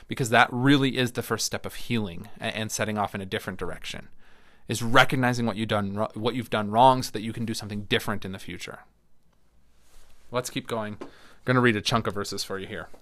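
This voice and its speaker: A man's voice: on the low side, fairly bright tone, dry recording, clean studio sound. A middle-aged man, a Lutheran pastor, teaching a Bible study in a conversational way and reading scripture aloud. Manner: conversational, restarts and fillers, acts out quoted voices.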